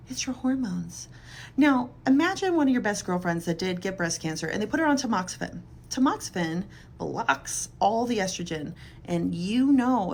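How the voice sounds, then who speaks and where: A woman's voice: mid-range voice, slight background noise. A middle-aged woman, a physical therapist, talking casually and earnestly to camera in a chatty, emphatic way.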